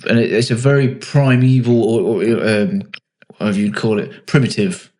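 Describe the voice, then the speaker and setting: A man talks through his views in casual podcast chat, his voice sitting a little low. He rambles, thinks aloud and pokes fun at himself in an easygoing way. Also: normal speed. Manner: relaxed, self-mocking, thinks aloud. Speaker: podcast host.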